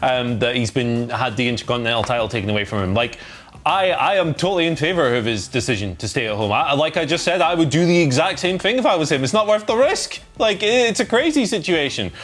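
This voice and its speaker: A man co-hosting a casual wrestling news chat, relaxed and agreeable, with many fillers. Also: a little high, quick pace. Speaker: co-host.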